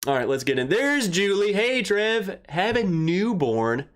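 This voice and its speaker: A young man hosting a casual livestream, who rambles, greets viewers by name and gets excited and emotional. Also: high voice, measured pace. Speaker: livestream host. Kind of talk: casual livestream chat, reading viewer comments.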